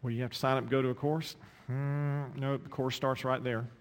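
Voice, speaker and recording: A man preaching a sermon, emphatic, swinging from loud pointed questions to low, intimate asides. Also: little pitch movement, moderate pace, long reverb tail.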